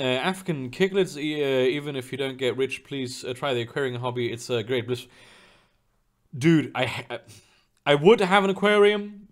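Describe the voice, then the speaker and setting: A young man chatting casually on a live stream from his room, rambling and swearing freely with lots of fillers and restarts. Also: medium pitch. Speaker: streamer reading chat. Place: home room.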